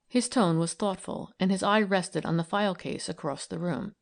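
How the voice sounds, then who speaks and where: A woman narrating a novel in a measured, even storytelling manner. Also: fairly low pitch, vocal fry. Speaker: audiobook reader. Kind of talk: scripted narration.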